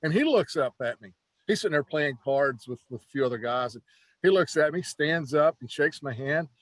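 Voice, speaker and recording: A man who is a former pro wrestler, telling stories in a casual, animated interview with lots of "you know" and restarts. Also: a little high, normal speed, no echo.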